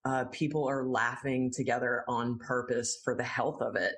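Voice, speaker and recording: A woman's voice: a bass voice, level tone, normal speed. A woman who teaches laughter yoga, a guest in an interview. She explains things patiently and earnestly and laughs easily.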